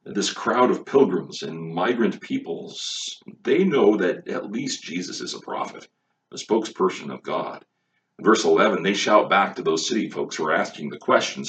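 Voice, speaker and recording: A man's voice: sits low, lively intonation, moderate pace, a bit bright, slight background noise. A man preaching a sermon, emphatic and full of rhetorical questions, recorded on a distant mic with a dull, lo-fi sound. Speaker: pastor.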